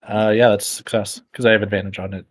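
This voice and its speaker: A man's voice: fairly low pitch, level tone, quick pace. A man playing a tabletop game, chatting casually and explaining his moves step by step. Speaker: player.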